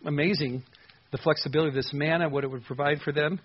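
Guy doing a bible study, kinda husky, earnest and chatty, leans hard on key words. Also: a little high, fairly even intonation, quick pace, lo-fi sound. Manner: conversational and earnest, with emphatic stresses. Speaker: Bible teacher. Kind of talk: verse-by-verse Bible teaching.

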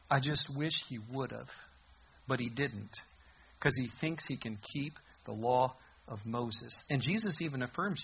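A man's voice: mid-range voice, normal speed, dull audio. A pastor preaching a conversational sermon, explaining scripture with sudden emphatic rises and laughing at his own jokes.

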